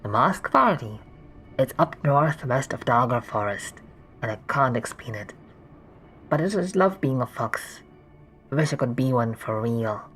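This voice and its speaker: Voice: lively intonation, a little slow, a bit bright, soft background music. A streamer voicing a laid-back young man who talks from behind a fox mask, muffled and rambling, in a game playthrough. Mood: easygoing. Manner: easygoing, rambling sales pitch.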